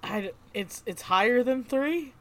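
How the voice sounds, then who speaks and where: A woman's voice: on the high side, lively intonation, a little slow, a bit bright, a little hiss or hum. A woman playing a tabletop game over voice chat, asking questions in a quizzical tone. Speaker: player.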